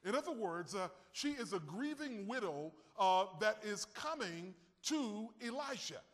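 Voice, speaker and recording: A man preaching a sermon, animated and calling on his listeners to answer and raise their hands. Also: high-pitched, measured pace, long reverb tail. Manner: animated, calls on the audience to respond.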